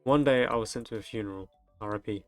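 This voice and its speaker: A man's voice: on the low side, quick pace, faint music behind. A young man reads delivery-driver stories aloud from the internet and breaks in with crude, joking reactions. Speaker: streamer reading online stories. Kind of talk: reading aloud with comedic commentary.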